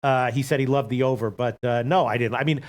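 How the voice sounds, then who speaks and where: A man hosting a casual sports betting show, talking quickly and repeating himself as he reads out viewer comments and picks. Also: medium pitch, fairly even intonation.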